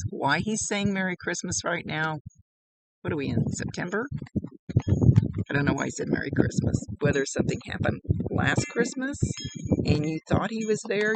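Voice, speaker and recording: A woman's voice: lowish voice, poor audio. A woman working as a psychic medium, chatting casually through a reading, relaying messages and laughing often. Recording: heavy background noise.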